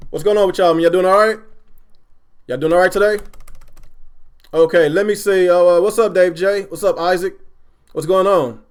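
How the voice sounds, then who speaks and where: A man hosting a casual gaming livestream from home, ranting with animated energy and talking straight to his chat. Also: high voice. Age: adult, a father. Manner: animated, repetitive, addresses chat directly.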